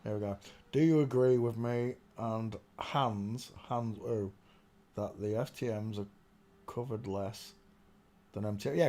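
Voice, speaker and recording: A man speaks at a medium pitch as he hosts a livestream. He rants to his chat in a loose, rambling monologue. Now and then he drops into low, muttered asides to himself while he searches on screen. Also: a little slow, a little mellow. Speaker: livestream host.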